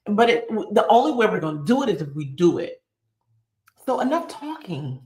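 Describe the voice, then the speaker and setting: A woman's voice: mid-range voice, very animated, normal speed, a little mellow. A woman hosting her channel's live chat. She talks in an earnest, emotional, motivational way and repeats phrases for emphasis. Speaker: YouTube channel host. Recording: echoey room.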